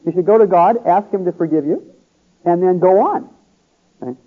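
A man's voice: high-pitched, moderate pace, husky. A man giving a conversational sermon, often checking in with his listeners by asking "See?" and "Okay?". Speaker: pastor. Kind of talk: sermon teaching. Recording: tinny phone-like radio broadcast.

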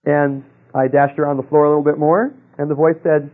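A man preaching a sermon, telling a personal story with rhetorical questions and dropping to a hush for quoted voices. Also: a little high, fairly quick, phone-quality sound.

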